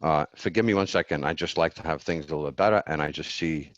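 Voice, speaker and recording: A man with a very low voice delivers a homemade campaign speech. He is formal but halting, with frequent ums and pauses. The recording is dry and dull, with a lo-fi sound. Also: no room sound. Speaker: self-declared presidential candidate.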